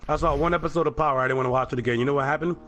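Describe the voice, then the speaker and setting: A man telling profane stories in animated casual banter. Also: on the high side, rapid-fire, faint music behind. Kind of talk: casual banter while gaming.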